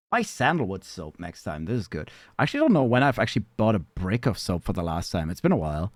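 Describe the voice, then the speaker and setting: A man chatting casually on a live stream, rambling and swearing, with sudden squeaky high bits. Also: sing-song, fast talker, few pauses, no echo, clean studio sound.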